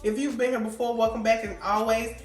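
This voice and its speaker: A woman's voice: on the high side, steady tone, fairly quick. A woman hosting a casual cooking tutorial in her home kitchen, stuffed up from a cold and chatting in a down-home, informal way. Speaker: cooking show host.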